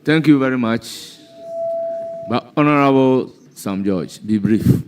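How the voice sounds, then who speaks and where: A man chairing a parliamentary hearing, brisk and procedural as he directs the speakers. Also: mid-range voice, music in the background. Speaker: committee chairman.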